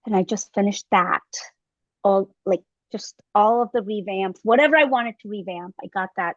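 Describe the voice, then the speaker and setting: A woman's voice: mid-range voice, no echo, narrow, tinny audio. A woman in her fifties, a podcast guest telling her story in casual conversation and acting out the voices of the people she quotes. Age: 50s.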